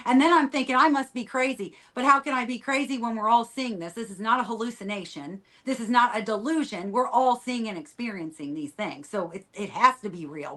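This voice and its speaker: A woman guest on a podcast giving a rambling personal testimony, repeating herself and trailing off quietly at the ends of lines. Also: mid-range voice.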